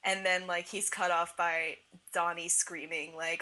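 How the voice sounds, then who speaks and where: Gushing bright-voiced young woman. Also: on the low side, little pitch movement, a little slow, rough recording. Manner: gushing, emotional, fillers of "like". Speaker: podcast co-host. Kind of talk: casual fan podcast chat.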